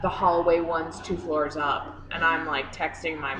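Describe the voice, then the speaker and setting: A chatty woman with a somewhat low voice tells stories over coffee, laughing often and acting out what people said. The sound carries a roomy echo from the coffee shop where she is recorded. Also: fairly even intonation, a little slow, fairly bright tone, faint music behind. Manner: chatty, laughing storyteller, acts out quotes. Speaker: podcast co-host. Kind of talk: casual chat.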